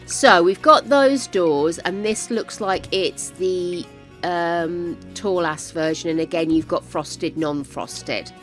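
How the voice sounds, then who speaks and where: An older woman chatting to viewers while playing a game on a live stream, easily excited. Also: on the low side, slow pace, soft background music. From United Kingdom. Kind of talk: casual live-stream chat while gaming.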